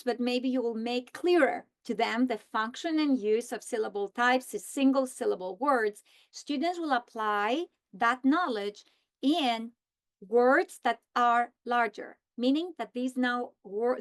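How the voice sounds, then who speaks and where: A woman explaining how to teach a reading lesson, slowly modeling the script she would read to students. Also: fairly high pitch. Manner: slow, deliberate modeling of a script. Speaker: teacher trainer. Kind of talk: instructional walkthrough.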